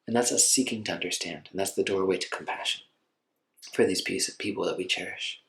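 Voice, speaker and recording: Man, lowish voice, meditation teacher, relaxed conversational delivery, lots of filler words. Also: a little fast, low-quality recording. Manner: conversational, gentle, many fillers like "like". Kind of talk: informal dharma talk.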